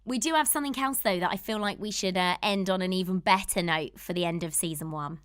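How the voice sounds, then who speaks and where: A woman's voice: lowish voice, fast, clean tone, dry recording, studio quality. A woman hosting a podcast, telling stories in an enthusiastic, gushing casual chat. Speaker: podcast host.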